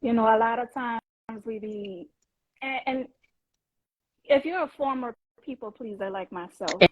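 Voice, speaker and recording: A woman co-hosting a podcast who speaks softly and reflectively, sitting far from the microphone. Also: a little high, unhurried, a crowd in the background. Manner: soft, thoughtful, speaks from far off the mic. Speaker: podcast co-host. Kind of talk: reflective casual chat. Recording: faint, distant and dull.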